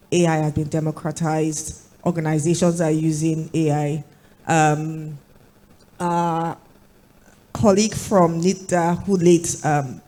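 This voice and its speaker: A woman with a hoarse voice from a recent flu, answering as a panelist in a panel discussion with measured points. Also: fairly low pitch, warm tone. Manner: measured, rephrases and builds points. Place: conference hall.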